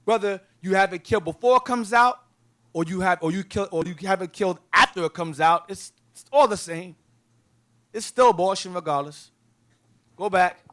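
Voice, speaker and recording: A man's voice: high-pitched, normal speed, fairly bright tone. A man teaching a Bible class as a deacon, preaching emphatically and calling out instructions to a reader.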